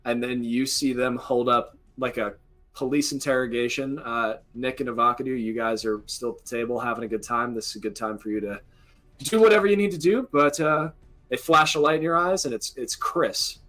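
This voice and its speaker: Brief: casual, chatty game master, bright, energetic voice. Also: male voice, medium pitch, a little fast, soft background music. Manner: casual, chatty, many fillers. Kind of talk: narrating a tabletop game.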